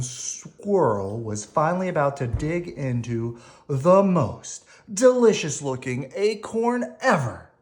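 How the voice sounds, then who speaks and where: Woman, bedtime story read-aloud, playful, animated, lively intonation, slow pace. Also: rumbling low. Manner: playful, animated, chats with her child. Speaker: parent reading aloud.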